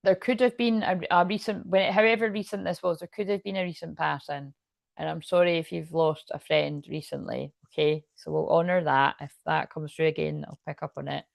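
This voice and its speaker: A woman's voice: low-pitched, fairly even intonation, a little fast, creaky, no room sound. A woman with a Scottish accent giving a rambling, chatty tarot reading, swearing freely and laughing often. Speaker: tarot reader. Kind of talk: casual tarot reading to camera.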